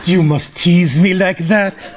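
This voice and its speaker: Male improv comic, high voice, mock-romantic and theatrical, recorded in a noisy studio. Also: fairly even intonation, a little slow. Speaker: improv performer. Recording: television studio with loud background noise.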